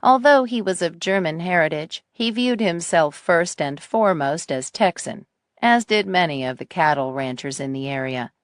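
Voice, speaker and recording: A woman narrating a mystery audiobook in a measured first-person style. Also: on the low side, lively intonation, dry recording, clean studio sound.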